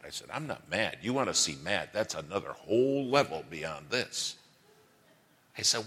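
A deep-voiced middle-aged man preaches in an auditorium, his voice bright and swinging widely in pitch. He tells folksy, humorous stories and keeps asking the crowd questions. The hall gives his words a long reverb. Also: big pitch swings, normal speed, slightly rough. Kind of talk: sermon with storytelling.

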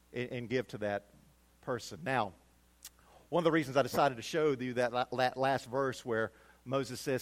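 A middle-aged male pastor preaching a sermon, swinging from loud emphatic peaks to quiet low asides.

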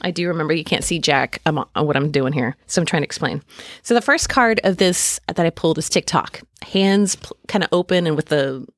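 A woman's voice: low voice, brisk, no echo. Woman host, casual self-deprecating chatter, dry close recording. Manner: chatty and self-deprecating, laughs often, lots of ums and likes. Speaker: podcast host doing a tarot reading. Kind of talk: casual spiritual podcast monologue. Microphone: podcast mic.

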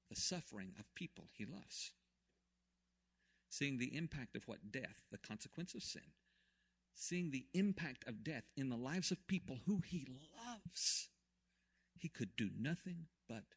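A man preaching a sermon, retelling a story with swings from hushed to loud. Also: medium pitch, husky. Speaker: pastor.

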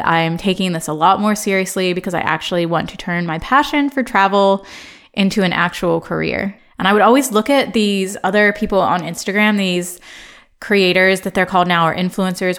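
A woman's voice: mid-range voice, moderate pace, a bit bright, clean tone. American woman in her 30s rambling on her podcast, lots of likes, laughs a lot. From Ohio, USA. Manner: chatty, filler-heavy, laughs often. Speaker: podcast host. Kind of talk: casual solo podcast monologue.

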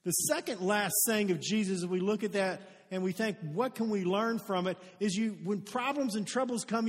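Male pastor, high voice, earnest sermon in a church hall with long reverb. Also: normal speed, hardly any pauses. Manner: earnest storytelling, rising to emphatic peaks. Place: church sanctuary.

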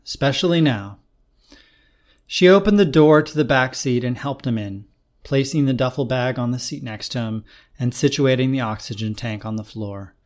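A male host narrating a written short story in a calm, measured reading voice at a middle pitch. The delivery is even and unhurried, a plain storytelling read.

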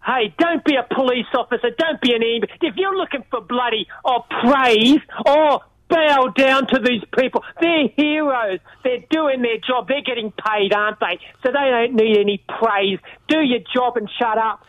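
A man's voice: extremely high pitch, normal speed, few pauses, fairly bright tone, no room sound, muffled recording. A man phoning into a radio show, mocking and heckling the host. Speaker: caller.

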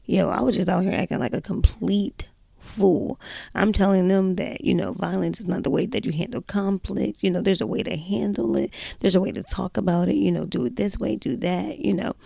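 A woman's voice: fairly low pitch, normal speed, vocal fry, hardly any pauses, mellow, no echo. A mother telling a personal story in casual, chatty style, emphatic and full of "you know" fillers.

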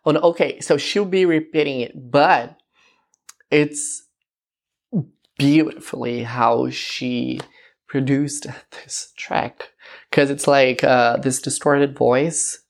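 Female vlogger, low pitch, gushing casual chat. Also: slow pace, vocal fry. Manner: gushing, chatty, lots of fillers. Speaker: vlog host. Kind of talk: casual song reaction talk.

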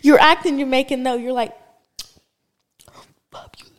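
A co-host of a casual family podcast who chimes in with playful, teasing interjections. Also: female voice, sits high, expressive, fast talker.

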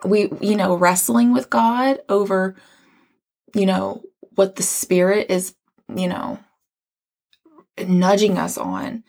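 Woman, podcast host, faith testimony, earnest, rambling, gravelly edge. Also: medium pitch, steady tone, slow pace, long pauses, darkish tone. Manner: rambling, earnest, many fillers and restarts.

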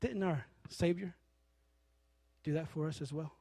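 A man with a high voice preaches a sermon, telling stories and slipping into the voices of the people in them. His delivery is animated and conversational, with no room echo at all. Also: unhurried, gravelly, slightly rough. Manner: animated storytelling, acting out characters.

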